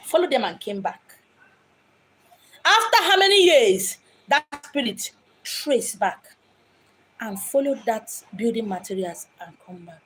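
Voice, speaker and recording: A woman's voice: on the high side, animated, a little slow, pauses often, fairly bright tone, slight background noise. A woman from Abia State in Nigeria with a Nigerian accent, a spiritual medium speaking in an impassioned, dramatic monologue. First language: Igbo. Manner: dramatic, acts out quoted voices. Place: home in Lagos.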